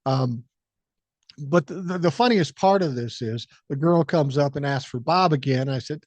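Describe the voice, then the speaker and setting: A man's voice: fairly high pitch, moderate pace, dry recording. Profane older man telling stories. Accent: Minnesotan. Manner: profane, animated storytelling with acted-out quotes. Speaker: podcast host. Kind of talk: solo storytelling podcast. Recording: dry, slightly dull podcast mic.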